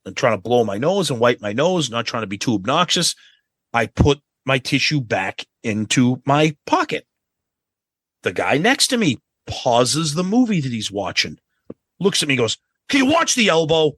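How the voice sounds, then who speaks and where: A man's voice: mid-range voice, sing-song, normal speed, a bit bright, breathy edge, no echo. A man co-hosting a podcast, telling a travel story in a casual, profane way. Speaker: podcast co-host.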